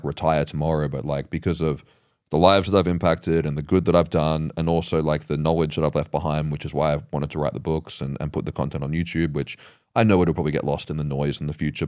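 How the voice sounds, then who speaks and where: A man's voice: a bass voice, a little mellow, clear, resonant tone, dry recording, studio quality. An Australian man in his thirties talking earnestly and reflectively in a casual podcast conversation, with many fillers and restarts. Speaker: podcast host.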